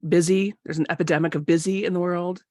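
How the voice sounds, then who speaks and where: A woman coach hosting a live online workshop, her voice a little rough from a cold, chatting casually and slowing down to guide breathing. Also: lowish voice, steady tone, dark tone, dry recording, clean studio sound.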